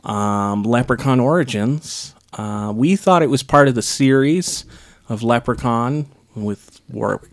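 A male podcast co-host reviews a film in casual chat, recapping it sarcastically and ramblingly with lots of ums. His voice is medium-pitched and slow.

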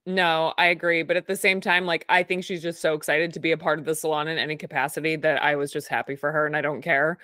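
A woman's voice: sits low, little pitch movement, fast, hardly any pauses, bright, forceful tone, no room sound, clean studio sound. A woman co-hosting a podcast, recapping an episode with enthusiasm and frequent laughter. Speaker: podcast co-host. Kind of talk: casual recap chat.

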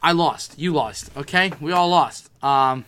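Young guy in his 20s ranting about a game, swears a lot, bright punchy voice. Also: a little high, unhurried, clean tone. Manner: profane, animated storytelling, quotes himself a lot. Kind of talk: casual sports chat.

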